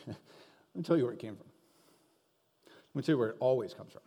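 A man's voice: mid-range voice, animated, fairly quick, warm tone, breathy edge. A man preaching a sermon in a conversational, joking storytelling manner. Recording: reverberant hall.

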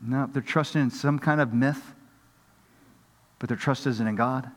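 A man's voice: mid-range voice, fairly even intonation, unhurried, big-room sound. A man preaching a sermon as pastor, acting out the voices of people in the story.

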